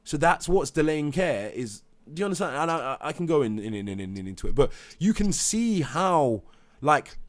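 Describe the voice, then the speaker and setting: Brief: father, heated and animated, mimics others, swears freely. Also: a little high, normal speed. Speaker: parent telling his story. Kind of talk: heated live debate.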